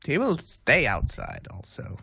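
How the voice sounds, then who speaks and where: Laid-back tabletop player, lively and bright. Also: mid-range voice, measured pace, vocal fry, slight background noise. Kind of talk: tabletop role-play chat.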